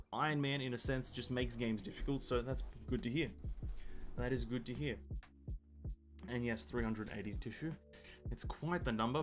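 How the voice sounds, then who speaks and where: A man chatting casually on a game live stream, rambling, correcting himself and reading chat aloud. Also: mid-range voice. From Australia. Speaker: gaming streamer.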